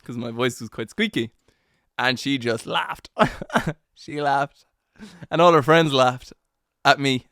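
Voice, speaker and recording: Speaking slowly with frequent pauses, this young podcast host has a medium-pitched, slightly bright voice, captured in a clean, echo-free studio. Alone on the mic, he rambles through a story, mocking himself and using lots of slang and fillers.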